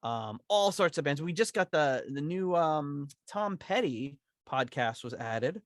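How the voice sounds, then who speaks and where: A man's voice: fairly high pitch, expressive, unhurried, dry recording, clean studio sound. A man co-hosting a podcast in easygoing chat, rambling with many restarts. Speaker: podcast co-host.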